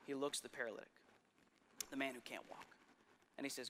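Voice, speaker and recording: A man preaching a sermon, retelling scripture stories with lively asides and sudden drops to a hush. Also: medium pitch, fast talker, pauses often, slight background noise.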